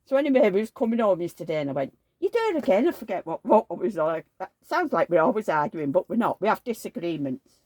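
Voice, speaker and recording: An older woman, a doll collector vlogger, rambles through a casual story about an argument, retelling it with animation and forgetfully losing her train of thought. Her voice is lowish, she talks fast with few pauses, and the recording is dry.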